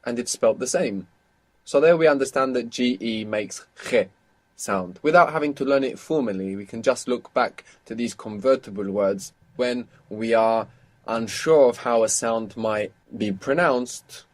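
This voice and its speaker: A man teaching Spanish in a live online lesson, explaining patiently and slowing down to dictate phrases. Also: mid-range voice. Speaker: Spanish tutor.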